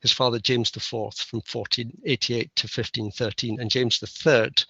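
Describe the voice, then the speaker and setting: Gravelly guy with a sharp bright voice, wry self-deprecating keynote talk, dull muffled dry sound. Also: medium pitch, little pitch movement, moderate pace, no echo. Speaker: keynote speaker. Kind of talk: conference lecture.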